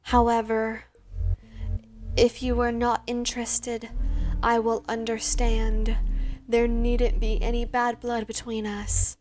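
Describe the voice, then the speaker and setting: A woman's voice: fairly high pitch, monotone, slow, darkish tone, soft background music, voice pushed down. A woman voicing a lonely female vampire ghost who speaks formally and with melancholy. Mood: wistful.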